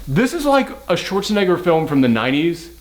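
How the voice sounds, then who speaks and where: A man's voice: on the high side, sing-song, brisk. A man co-hosting a movie review podcast in casual, joking chat, swearing freely.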